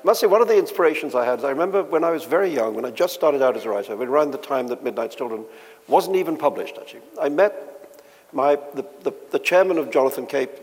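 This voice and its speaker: A man's voice: fairly high pitch, fast, a little mellow. Amused storyteller man in a hall. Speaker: panel guest, novelist. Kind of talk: anecdotal storytelling on a panel.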